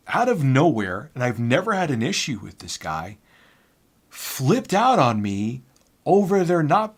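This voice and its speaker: Animated man telling a retail story. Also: on the high side, husky. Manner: animated, exasperated. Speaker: YouTuber. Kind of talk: casual storytelling.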